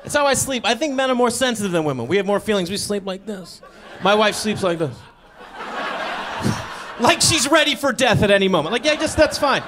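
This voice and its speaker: Stand-up comic, man in his 30s, high voice, fast outbursts of disbelief. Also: a faint crowd, slight background noise. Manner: excitable, jumps into loud incredulous outbursts. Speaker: stand-up comedian. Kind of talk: stand-up comedy. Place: comedy stage before a live audience.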